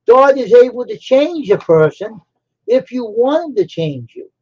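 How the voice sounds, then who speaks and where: A man with a high-pitched, somewhat dark voice hosts a live stream, casually rambling through a personal story and repeating phrases for emphasis. The stream audio is dull and lo-fi.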